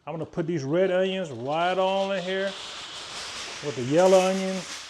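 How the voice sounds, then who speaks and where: A man's voice: high-pitched, normal speed, background noise. A man hosting an outdoor grilling video, talking viewers through each step in a chatty way and joking with them. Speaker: cooking channel host. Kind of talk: casual cooking demonstration.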